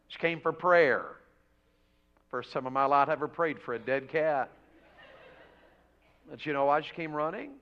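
A man preaching a revival sermon in a church, telling a homey story and building to loud, fervent exhortation. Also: a little high. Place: church sanctuary. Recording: dull lo-fi church audio.

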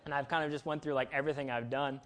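A man's voice: medium pitch, fairly even intonation, racing, fairly bright tone. A young man giving a casual, chatty sermon, self-deprecating and full of fillers. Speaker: preacher.

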